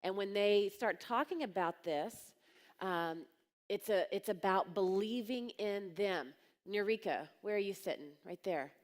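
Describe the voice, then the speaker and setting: A woman's voice: medium pitch, a little slow. Blunt woman speaking in a reverberant hall. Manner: blunt, direct storytelling, acting out quoted voices. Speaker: coaching business speaker. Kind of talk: live conference talk. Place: large conference hall.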